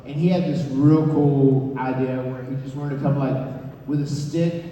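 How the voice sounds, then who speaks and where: Panel guest, man, animated storyteller, mellow voice, cavernous hall, far mic. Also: mid-range voice, normal speed. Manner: animated, repeats words, acts out quotes. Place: large convention hall. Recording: echoey hall, distant mic, background noise.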